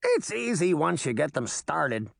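A man's voice: on the high side, sing-song, measured pace, vocal fry, no room sound, clean studio sound, voice pushed up, exaggerated voice. A man voicing a cocky, mischievous boy fairy who talks in a smug, flippant way in an audiobook.

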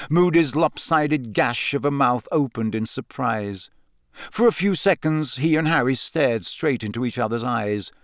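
A man narrates a novel at a measured, even storytelling pace. His voice sits in a middle register. The recording is dry and close, with no room sound. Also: mid-range voice, no room sound. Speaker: audiobook narrator. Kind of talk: scripted narration.

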